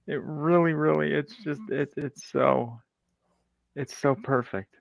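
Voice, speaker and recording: A man co-hosting a movie podcast, excitable and profane in casual chat. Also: a little high, slow, gravelly, no room sound. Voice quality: excitable, profane, laughs a lot. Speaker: podcast co-host.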